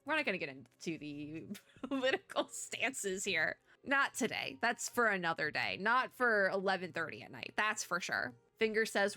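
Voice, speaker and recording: Woman, gaming streamer, rambling chatty asides, voice a bit worn from illness, bright, dry close mic. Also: a little high, lively intonation, brisk, no echo, faint music behind. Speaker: VTuber let's-play host. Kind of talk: game commentary and reading story text aloud.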